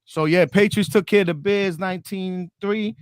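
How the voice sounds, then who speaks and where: A talkative male podcast host leading a loose sports chat, his voice sitting a bit high for a man. He circles back over his own words as he builds a point, and the sound is dry and close with no room echo. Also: fairly even intonation, normal speed, smooth. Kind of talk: casual sports talk.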